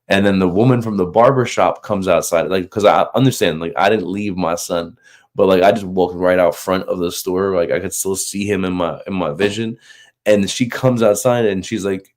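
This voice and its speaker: A man's voice: low voice, normal speed. A man in his thirties, a Marine recruiter, casually telling a story about faith, full of fillers and acting out the voices of the people in it. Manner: animated, acts out quoted voices, many fillers.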